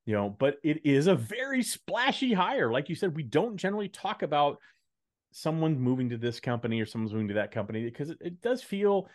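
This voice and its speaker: A man's voice: fairly high pitch, big pitch swings, brisk. A man co-hosting a podcast in casual chat, playful and dryly sarcastic. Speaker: podcast co-host.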